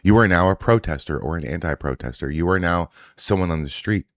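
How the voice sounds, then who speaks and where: Low-voiced man doing blunt reaction commentary. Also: fairly quick, no room sound, studio quality. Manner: blunt, profane, sarcastic.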